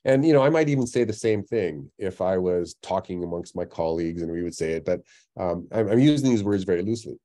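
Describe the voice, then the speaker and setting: A middle-aged man gives an astronomy talk in a public science webinar, speaking casually with many fillers and false starts. His voice is low and dark, recorded through a computer microphone on the webinar.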